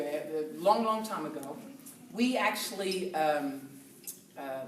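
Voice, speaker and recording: A woman in her fifties from the southern Netherlands with a Dutch accent, giving a chatty, lively talk to a group and laughing often. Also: fairly low pitch. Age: 50s. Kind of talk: casual talk to an audience. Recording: echoey room, from far off.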